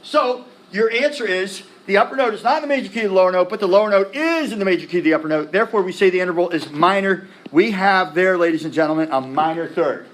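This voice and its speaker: A man teaching music theory in a classroom lecture, animated, firing quick questions at the students and tossing in slang. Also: sits high, slight background noise. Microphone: laptop recording the lecture. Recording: echoey classroom from a distance.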